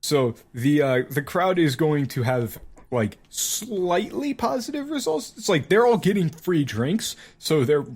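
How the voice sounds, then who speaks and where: A man's voice: fairly high pitch, sing-song, a little slow, darkish tone. Folksy man running a tabletop game. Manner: casual, folksy drawl. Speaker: game master.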